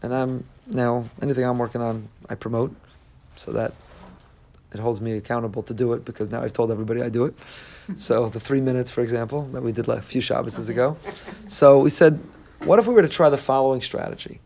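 A man preaching a sermon, animated, breaking into loud, high bursts when he acts out what people say. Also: brisk, creaky. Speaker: rabbi.

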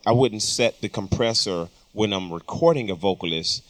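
A man's voice: lowish voice, moderate pace, no room sound. A man teaching vocal compression in a recording studio, explaining casually with frequent ums. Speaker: audio engineering instructor. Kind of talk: studio tutorial talk.

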